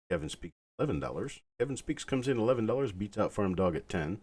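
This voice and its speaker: A man hosting a live online coin auction, calling bids in a calm, soothing, unhurried way. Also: fairly low pitch, breathy edge. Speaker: auctioneer host.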